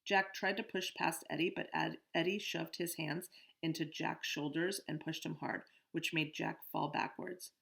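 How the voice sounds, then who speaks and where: Woman, audiobook narration, steady storytelling, low voice, gravelly fry. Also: moderate pace. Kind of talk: scripted first-person narration.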